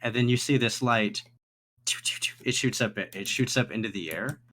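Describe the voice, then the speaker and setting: A man's voice: mid-range voice, moderate pace, fairly bright tone. A man narrating as game master of a tabletop game in an easygoing way.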